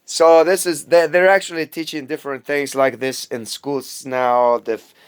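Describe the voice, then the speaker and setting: A man's voice: on the high side, steady tone, moderate pace, clear, resonant tone. Rambling profane man talking to viewers. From United States. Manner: rambling, profane, addresses viewers directly, chuckles often. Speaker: vlogger commentator. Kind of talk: casual rambling monologue.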